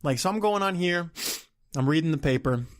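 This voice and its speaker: A man hosting his own podcast, complaining in an exasperated, animated way with laughs and sudden outbursts. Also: on the high side, fairly quick. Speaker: podcast host. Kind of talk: solo ranting podcast.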